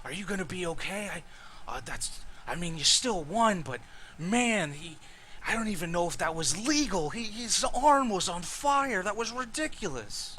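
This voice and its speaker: Anxious stammering young male sidekick, raised pitch, voiced by the game master. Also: animated, normal speed, bright, forceful tone, slight background noise. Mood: alarmed. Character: worried young male friend, fast-talking.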